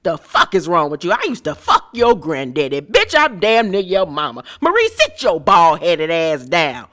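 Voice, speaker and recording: A woman voicing an older woman elder who scolds rowdy younger women, loud and profane. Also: fairly low pitch, wildly swooping pitch, normal speed. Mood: scolding.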